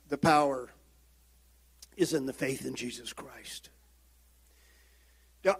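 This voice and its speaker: A man preaching a sermon as pastor, swinging from loud emphatic calls down to quiet, low-spoken passages. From United States.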